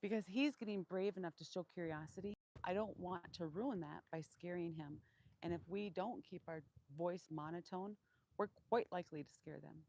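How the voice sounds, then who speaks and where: A woman training a wild donkey in an outdoor pen, speaking calmly and keeping her voice deliberately monotone as she explains each step. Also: rough recording. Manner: calm, low-key, deliberately monotone. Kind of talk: live training demonstration.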